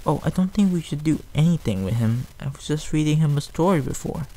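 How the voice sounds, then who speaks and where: A man voicing a timid, gentle female pegasus in a fan storybook reading, soft and pleading. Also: fairly high pitch, expressive, a little fast, voice pushed up.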